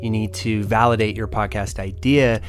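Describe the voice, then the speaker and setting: A man's voice: fairly low pitch, fairly even intonation, normal speed, soft background music. A man co-hosting a podcast as its producer, joking and teasing his co-host. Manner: jokey, laughs easily, teasing. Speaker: podcast producer and creative director. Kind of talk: casual co-hosted podcast chat.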